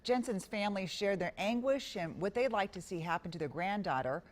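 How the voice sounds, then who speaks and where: A woman news anchor introducing a story in a crisp, formal delivery. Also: medium pitch, lively intonation, a little fast.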